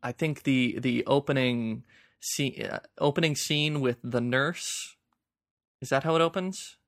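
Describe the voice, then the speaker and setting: A man's voice: medium pitch, a little slow, a bit bright. A man co-hosting a podcast remotely, chatting casually about films, rambling with many restarts. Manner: rambling, restarts a lot, conversational. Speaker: podcast co-host. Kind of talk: casual film chat. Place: home, remote from co-host.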